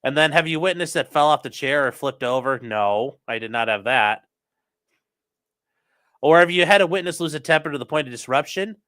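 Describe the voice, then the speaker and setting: A man's voice: on the high side, expressive, normal speed, fairly bright tone, clean tone. A man, a lawyer, chatting casually on a livestream and answering viewer comments before trial footage. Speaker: lawyer streaming a trial with live chat.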